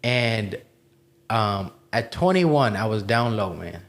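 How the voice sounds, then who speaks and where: A man's voice: on the low side, very animated, slow, fairly bright tone. Emphatic, swearing motivational podcast man. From immigrated to the United States as a child. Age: adult, past twenty-one. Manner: emphatic and motivational, swears and says "bro" often. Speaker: podcast cohost. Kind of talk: candid personal story on a podcast.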